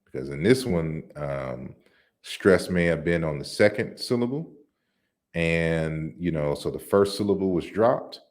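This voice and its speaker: A man giving an online lecture on word forms, explaining slides deliberately with frequent restarts. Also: low voice, lively intonation, darkish tone. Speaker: lecturer on African languages.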